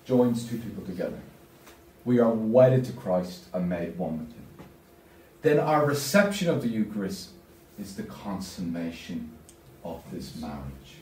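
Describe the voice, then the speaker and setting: A man's voice: low-pitched, a little mellow. A man giving a parish talk as a deacon, speaking emphatically and putting questions to his audience. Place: church. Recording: echoey church from far off.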